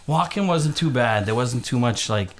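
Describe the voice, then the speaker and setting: A man's voice: mid-range voice, lively intonation, moderate pace, gravelly. A man with young kids, a podcast co-host, tells a story in casual chat, laughing often and swearing a lot. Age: adult, father of young kids.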